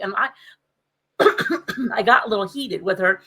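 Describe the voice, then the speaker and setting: A woman in casual conversation who retells her experiences with animated emphasis, her voice jumping up when she makes a point. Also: mid-range voice, moderate pace, slightly rough, poor audio. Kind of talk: casual chat.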